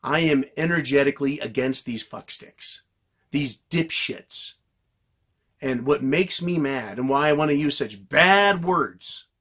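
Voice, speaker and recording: A man delivering a heated, profanity-laced monologue to his viewers, yelling and venting. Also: mid-range voice, slightly rough. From United States. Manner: yells and vents angrily, heavy swearing. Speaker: political commentary vlogger.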